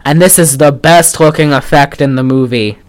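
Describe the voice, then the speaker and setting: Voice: medium pitch, normal speed. A podcast co-host recapping a film in casual chat, rambling with lots of "like" and wry, sarcastic asides. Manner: trails off and restarts often.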